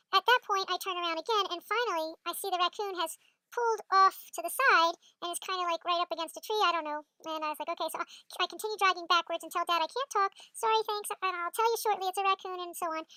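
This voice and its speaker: A woman with a very high, bright voice tells a long story to camera, tired but breathless and excitable. She restarts her sentences and jumps up in pitch to yell out quotes. The sound is close and dry. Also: dry recording. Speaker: vlogger.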